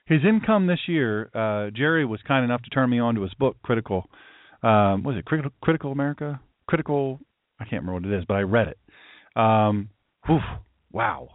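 A man's voice: medium pitch, animated, brisk, dry recording. A man hosting a political talk show as a pastor, ranting emphatically and telling stories. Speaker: host, pastor. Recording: tinny phone-like line, dry.

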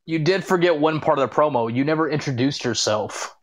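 A man's voice: a little high, a little fast. A man co-hosting a wrestling podcast, wisecracking and mock-exasperated in casual chat. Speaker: podcast co-host.

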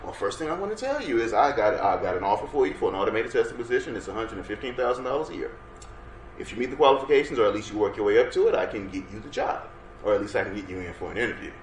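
A man's voice: on the low side, racing. A man presenting an interactive workshop lecture with energy, urging the audience to answer. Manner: energetic, coaxes audience to respond. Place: workshop room. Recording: roomy room sound, faint background noise.

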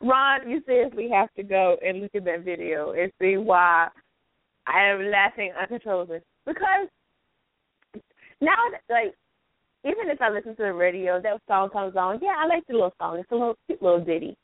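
A woman's voice: medium pitch, sing-song, moderate pace, no echo. Giggly lady cohost chatting, voice jumps all over, tinny phone sound. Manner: giggly, laughs often. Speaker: radio show co-host. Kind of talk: casual chat.

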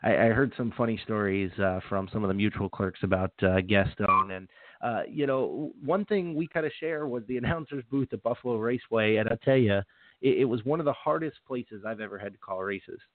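A man hosting a radio interview, chatting in a relaxed, conversational way. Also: on the low side, brisk, dry recording. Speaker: radio show host. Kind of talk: casual interview chat. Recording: dry phone-line audio.

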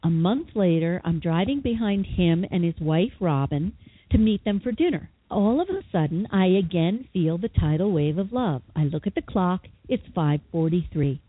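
A woman guest, a psychotherapist and author, telling a personal story with lively, dramatic quoted voices in an interview. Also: lowish voice, moderate pace, slightly rough. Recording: tinny phone line.

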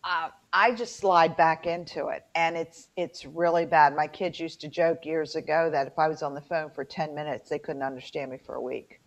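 A woman's voice: low-pitched, steady tone, moderate pace, hardly any pauses. A middle-aged woman with an Appalachian twang, co-hosting a casual chat and telling stories with lots of fillers. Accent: Appalachian mountain twang. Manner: chatty storyteller, lots of fillers. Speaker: co-host. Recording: muffled lo-fi audio.

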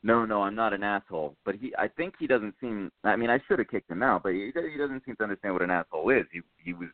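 A man's voice: fairly low pitch, lively intonation, fast talker, no echo. A man in casual podcast chat, telling a story in a rambling way with many fillers. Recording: tinny phone-like dry sound.

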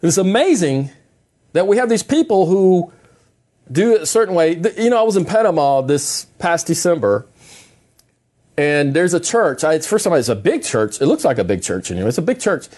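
A middle-aged man preaching in a calm, plain-spoken conversational way, often repeating himself and restarting phrases. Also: a little high, moderate pace. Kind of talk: conversational sermon.

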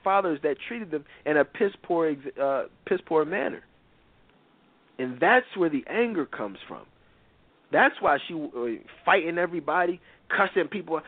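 A man with a fairly high voice delivers opinionated talk-radio commentary, blunt and preachy, stressing his points hard. The sound is dry and thin, like it's coming down a phone line. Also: dry recording. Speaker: radio show host.

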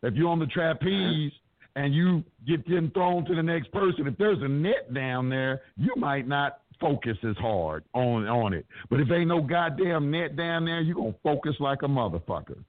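With a fairly high-pitched, expressive voice and a moderate pace, a man recounts his story as an interview guest. He curses heavily, staying blunt and emphatic in his animated telling. The sound is tinny and dry like a phone, with no room sound.

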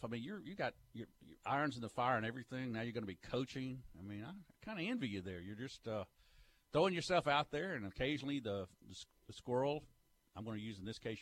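Male sports radio host, mid-pitched, laid-back and self-deprecating. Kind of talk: casual sports talk radio banter.

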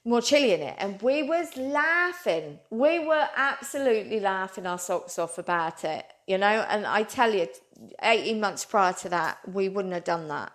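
A woman's voice: medium pitch, expressive, unhurried, a bit bright. A woman, a psychic medium, telling a long story in an earnest, rambling way and calling her listeners "guys". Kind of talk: animated storytelling.

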